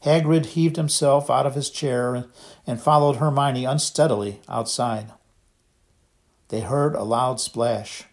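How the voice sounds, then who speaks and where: A man narrating an audiobook in a steady, measured storytelling voice. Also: medium pitch. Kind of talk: scripted narration.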